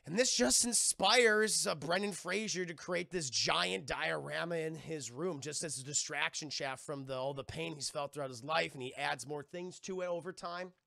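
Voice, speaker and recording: Male streamer, profane rambling recap, sharp tone, dry close sound. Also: a little high, creaky, no room sound. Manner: profane, rambling, keeps addressing chat; acts out quoted lines in quick voices. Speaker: streamer reviewing a TV episode. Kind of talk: casual livestream recap.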